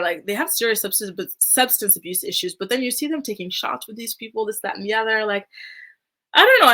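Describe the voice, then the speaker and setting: Bright, sharp-voiced woman, sassy chatty recap host, middle pitch. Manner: sassy, chatty, heavy use of "like". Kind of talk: casual commentary.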